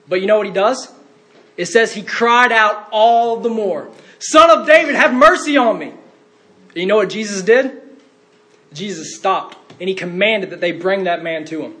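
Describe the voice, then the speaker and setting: A man's voice: high-pitched, fairly bright tone. A man preaching a sermon in an earnest way, rising to fervent cries when quoting.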